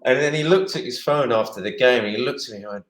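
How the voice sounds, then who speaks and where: With a crowd audible behind him, a middle-aged former footballer speaks fast in a mid-range voice, rambling through anecdotes in an interview. He restarts often and acts out quotes, and the sound carries a roomy echo.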